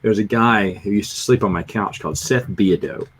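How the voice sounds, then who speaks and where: A middle-aged man with a Southern US accent hosts a livestream, chatting, reading comments and rambling through self-deprecating stories. His voice is lowish at a moderate pace, with slight background noise.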